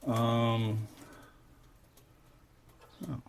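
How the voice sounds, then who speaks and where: A man's voice: medium pitch, little pitch movement, very slow, creaky. A middle-aged man chatting casually in a rambling, wry way while cooking in his home kitchen. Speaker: host. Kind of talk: casual cooking vlog chat. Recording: noisy kitchen with clicks and crinkling.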